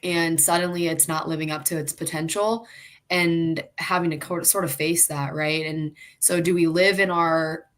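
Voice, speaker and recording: A woman's voice: low-pitched, normal speed. A woman in her twenties, a former college athlete and coach, talking casually on a podcast and acting out quotes as she tells a story. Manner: animated storyteller, acts out quotes, laughs often.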